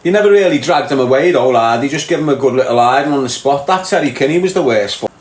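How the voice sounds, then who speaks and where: A man's voice: mid-range voice, animated, fast talker. A man with a Liverpool accent hosting a livestream, answering viewer comments in a blunt, streetwise way and calling people mate and lad. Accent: Liverpool (Scouse). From Liverpool, England. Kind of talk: casual livestream chat. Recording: roomy echo with faint background noise.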